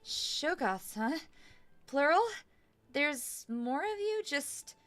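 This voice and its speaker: A woman's voice: high-pitched, sing-song, very slow, a bit bright. A young woman streamer playing a game, reading its text aloud and commenting in a bemused, playful way.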